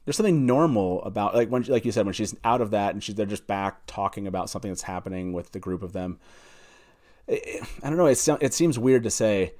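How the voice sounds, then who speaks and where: A man hosting a casual panel discussion, agreeable and quick to hand the floor to his guests. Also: lowish voice, expressive, darkish tone. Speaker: podcast host.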